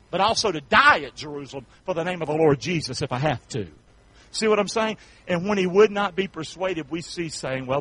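Here a pastor from North Carolina, his voice a little high and his accent Southern, gives a folksy sermon and calls out for amens from the congregation. His delivery shifts from shouts to soft asides, and the audio quality is poor.

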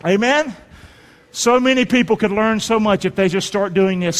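A middle-aged male pastor preaching a sermon in a folksy way, rising to shouts and dropping to near-whispers. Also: sits high, normal speed. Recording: long hall reverb.

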